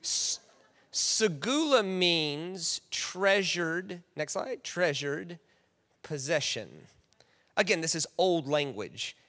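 A man preaching a sermon, animated and playful, acting out quoted voices and often restarting his sentences. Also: on the high side, slow. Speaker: pastor. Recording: reverberant hall.

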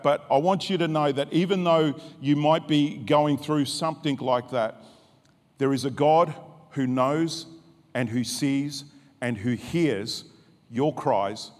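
A man preaching a sermon in an earnest, deliberate way, repeating key phrases and restarting his sentences. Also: medium pitch. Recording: long hall reverb.

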